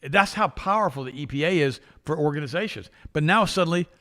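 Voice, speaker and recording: A man's voice: on the high side, expressive, quick pace, pushed and bright. A middle-aged male co-host who reads news items aloud and adds sarcastic, opinionated asides. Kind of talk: opinionated talk show commentary.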